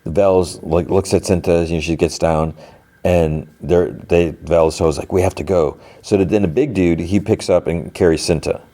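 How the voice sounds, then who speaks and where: A man's voice: low voice, steady tone, moderate pace, warm tone. A man hosting a podcast, casually recapping a TV episode in a rambling way, full of "like" and acted-out quotes. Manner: rambling, filler-heavy retelling with quoted lines. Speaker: podcast host.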